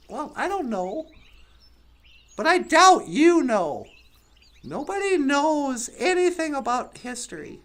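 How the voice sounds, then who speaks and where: A woman's voice: high-pitched, very animated, slow. A woman telling stand-up stories in a sardonic way, acting out other people's voices as she goes. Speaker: comedian. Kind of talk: stand-up storytelling.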